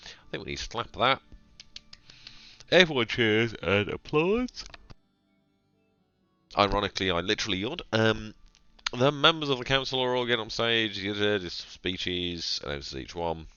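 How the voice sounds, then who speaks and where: Deep, lively-voiced man narrating a game. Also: normal speed, long pauses, clear, resonant tone, no room sound, highs cut off, faint music behind. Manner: playful, chatty, jokey running commentary. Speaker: gaming channel host. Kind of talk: narrated let's-play, reading game text aloud with asides.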